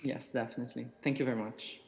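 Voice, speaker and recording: Man with a really flat monotone voice, measured, long reverb. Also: mid-range voice, creaky. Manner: measured, with fillers. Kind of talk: academic discussion.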